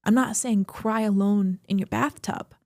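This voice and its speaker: A woman's voice: mid-range voice, steady tone, a little slow, a little mellow, dry recording, clean studio sound. A young adult woman co-hosting a podcast, talking earnestly and reflectively about her feelings in a flowing, emphatic way. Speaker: podcast co-host. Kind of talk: reflective personal talk.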